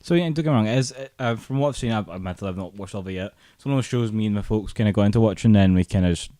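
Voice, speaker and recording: A man's voice: lowish voice, racing, warm tone, dry recording. A man co-hosting a casual podcast chat, teasing his co-host and telling stories dramatically.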